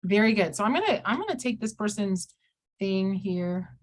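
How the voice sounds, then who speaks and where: Lady teaching math over a video call, chatty and casual, plays out what the kids ask, mid pitch. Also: big pitch swings, moderate pace. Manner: chatty, voices students' questions, fillers. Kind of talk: online class lesson.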